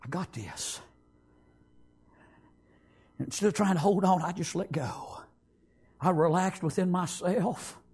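A man giving a fervent sermon testimony, swinging from shouts to hushed tones and repeating phrases. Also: high voice, normal speed, creaky, husky.

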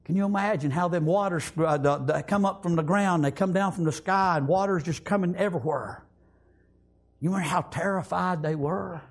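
A man preaching a fervent sermon, calling out to the congregation and swinging between loud and hushed. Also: high-pitched, brisk.

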